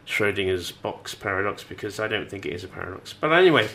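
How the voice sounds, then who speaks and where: A man's voice: on the low side, expressive, fast, gravelly, a bit bright, a little hiss or hum. A man co-hosting a radio show, chatting playfully in a rambling way full of fillers and hesitations. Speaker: radio co-host. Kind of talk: casual on-air chat.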